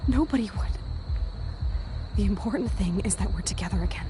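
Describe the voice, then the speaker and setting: A woman's voice: mid-range voice, brisk, music in the background, natural voice. A woman voicing a blunt, rebellious teenage girl who swears freely. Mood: earnest. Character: brash rebellious teen girl. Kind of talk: game voice acting.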